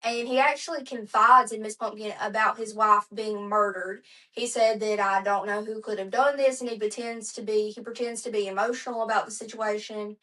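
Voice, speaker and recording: A woman's voice: mid-range voice, fairly even intonation, normal speed, sharp tone, low-quality recording. A woman hosting a podcast, narrating a true crime story in a chatty, conversational way with asides. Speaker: podcast host.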